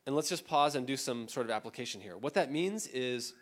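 A male pastor giving a sermon in a conversational, animated way, acting out the voices he quotes. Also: mid-range voice, brisk. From Southern California. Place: church.

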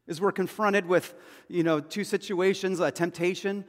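A man's voice: high-pitched, steady tone, moderate pace. A man preaching a sermon as pastor, talking in a loose, conversational storytelling way with asides and repeated phrases. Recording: long hall reverb.

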